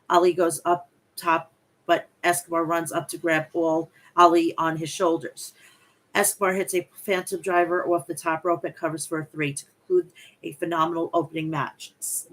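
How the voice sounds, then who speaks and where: A woman hosting a wrestling recap podcast, recapping matches and breaking into profane, animated rants. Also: fairly low pitch. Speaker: podcast host.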